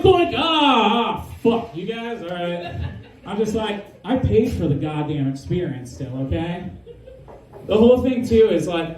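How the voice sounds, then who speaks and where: Profane stand-up comic in an echoey room. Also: male voice, high voice, dark tone, distant mic, slight background noise. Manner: profane, rambling, acts out voices of friends and characters. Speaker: stand-up comedian. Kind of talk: live stand-up set. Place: live comedy venue with audience.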